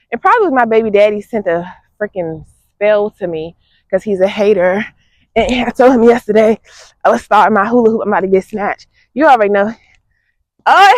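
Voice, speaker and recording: A woman's voice: a little high, dry recording. Chatty young woman vlogging outdoors. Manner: chatty and animated, laughing often. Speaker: fitness vlogger. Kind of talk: casual vlog chat to viewers.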